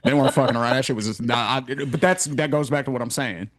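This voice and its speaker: A man hosting a podcast, talking in a profane and animated rant. His voice sits in a middle range. The sound is dry and close, with no room echo. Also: medium pitch, fast. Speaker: podcast host. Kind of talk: casual podcast chat.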